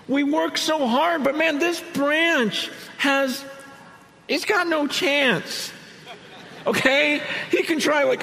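Man, pastor, earnest conversational sermon, very high voice, long hall reverb. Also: takes it slowly, creaky, pushed and bright. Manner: earnest, conversational preaching with quoted asides.

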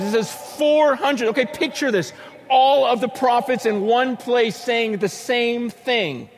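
A man preaching a sermon, telling stories with acted-out voices and sudden shouts. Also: very high-pitched, unhurried, slight background noise. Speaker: pastor.

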